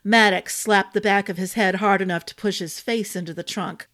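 A woman's voice: mid-range voice, steady tone, normal speed, a bit bright. Woman narrating a fantasy story. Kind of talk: audiobook narration of a fantasy novel.

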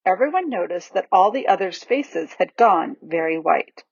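Expressive, breathy woman reading aloud. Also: on the low side, normal speed, dry recording, highs cut off. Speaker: audiobook reader. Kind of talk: storybook narration.

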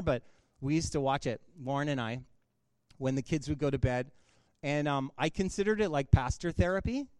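A male pastor in his thirties gives a sermon in a loose, conversational way, full of asides and little laughs. His voice sits high for a man. The sound is dry and close, with no room around it. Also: a little mellow, clean tone, no room sound. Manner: casual, conversational preaching with filler words and laughter.

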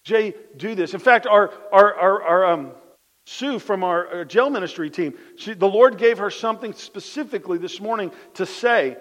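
A man preaching a conversational sermon, telling lively everyday stories, repeating his phrases and dropping his voice soft for the key points. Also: sits high, moderate pace, in a large hall. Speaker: pastor.

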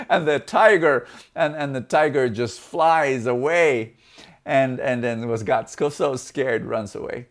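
A man giving a motivational talk, telling a fable and speaking in an animated way that shifts from loud to soft. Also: a little high, a little slow.

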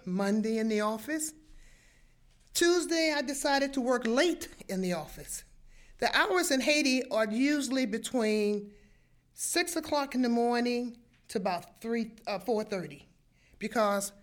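Older woman storyteller, a touch high-pitched, lively and theatrical in her telling. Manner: animated, acts out sounds and voices. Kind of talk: personal storytelling to an audience.

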